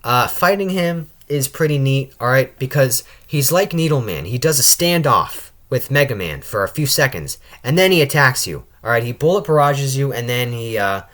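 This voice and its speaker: A man's voice: medium pitch, expressive, moderate pace, hardly any pauses, fairly bright tone. A young man hosting a casual tier-list video, talking loosely with frequent stutters, restarts and tag questions. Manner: stutters and restarts often, keeps adding "all right?". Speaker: channel host ranking video game characters.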